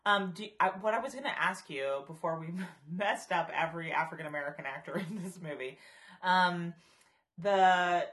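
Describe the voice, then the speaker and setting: A woman's voice: fairly low pitch, normal speed, a bit bright. A woman co-hosting a podcast in casual chat, giggling often and trailing off mid-thought. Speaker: podcast co-host.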